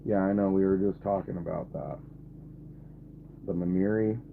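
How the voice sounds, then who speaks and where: A man's voice: sits low, steady tone, moderate pace, creaky, slight background noise. A man in his twenties live streaming and talking to his chat, blunt and irritated, swearing often. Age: 20s. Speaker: livestreamer. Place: camper. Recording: tinny phone-like audio, faint ambience.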